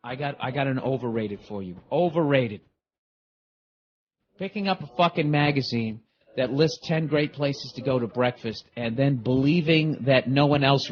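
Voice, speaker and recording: A middle-aged man hosting a podcast, delivering a profane, heated, rambling comedic rant. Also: mid-range voice. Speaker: podcast host. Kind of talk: ranting comedic monologue. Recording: dull lo-fi recording.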